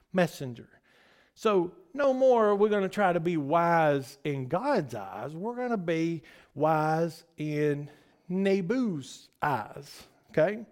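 A man preaching in a casual, conversational way, with a high voice that swings widely up and down. He takes his time, keeps asking his listeners "okay?" and laughs often. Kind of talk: casual sermon to a congregation.

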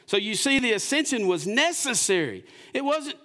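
A man, preaching a sermon in church, asking the congregation questions and swinging between loud and hushed delivery. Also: extremely high pitch, sing-song, moderate pace. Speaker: pastor.

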